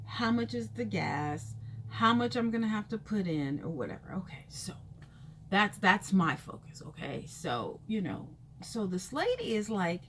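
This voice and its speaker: A woman chats her way through a personal story in a loose, rambling vlog manner, dropping fillers into nearly every phrase. Her voice sits at an average pitch but jumps sharply upward whenever she acts out a reaction. Faint noise hums in the background. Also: unhurried. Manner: chatty and rambling, full of "you know" fillers; animated, jumps high in pitch when acting out reactions. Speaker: vlogger telling a personal story. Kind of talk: casual storytime chat.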